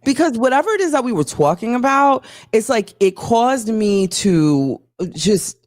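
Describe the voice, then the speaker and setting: A woman co-hosting a casual live-stream show, venting in an irritated way and swearing freely on a boom mic at home. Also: sing-song, measured pace, a little mellow, no echo, clean studio sound. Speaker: co-host.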